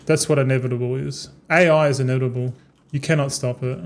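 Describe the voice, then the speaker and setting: A man's voice: medium pitch, steady tone, fast talker. A young man streaming a game, rambling casually with many restarts and swearing as he talks. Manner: repetitive, stumbling, swears freely. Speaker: gaming streamer.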